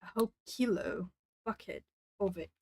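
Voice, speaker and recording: A woman's voice: medium pitch, normal speed, husky. Rambling Brazilian-born woman streamer. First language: Portuguese. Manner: chatty, rambling, reads chat aloud. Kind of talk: casual chat while colouring.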